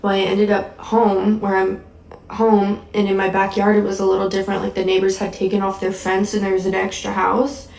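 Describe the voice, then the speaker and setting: A woman's voice: medium pitch, completely flat delivery, a little fast, creaky, darkish tone. A shaken woman who has just been crying, recounting a nightmare in a rambling way with many "likes". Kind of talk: casual spoken recounting. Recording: echoey room, mic at a distance.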